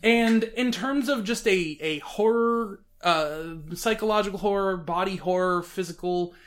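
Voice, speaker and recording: A man hosting a casual chat about films, talking in an animated, rambling way with frequent restarts. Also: high voice, measured pace. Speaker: podcast host reviewing films.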